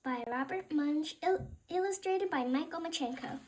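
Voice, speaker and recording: A woman reading a children's picture book aloud in an expressive, unhurried way. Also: sits high, rough recording. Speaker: reader. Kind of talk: children's storybook read-aloud.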